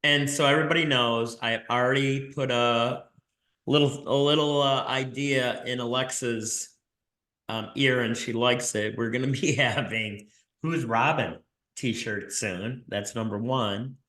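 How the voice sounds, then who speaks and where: A man's voice: medium pitch, steady tone, a little slow, sharp tone. A man co-hosting a podcast in casual chat, goofy and self-mocking, rambling as he talks. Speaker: podcast co-host. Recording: roomy echo.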